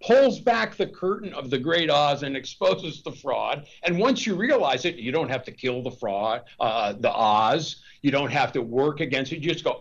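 A man's voice: medium pitch, animated, moderate pace, creaky, few pauses, dull audio. A man being interviewed as a guest author. He talks in long, rambling stretches, restarting often and repeating words. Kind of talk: discursive interview talk.

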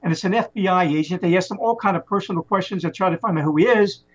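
A man casually retelling a story plot in a rambling, animated way, often restarting his sentences. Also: high-pitched, quick pace. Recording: muffled lo-fi recording.

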